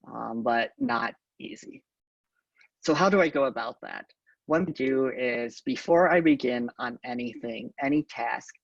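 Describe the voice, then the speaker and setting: A man with a gravelly voice gives a calm, halting conference talk, often pausing with ums. The sound is dry, distant from the microphone and dull, like a lo-fi event recording. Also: mid-range voice, no room sound. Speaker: conference speaker.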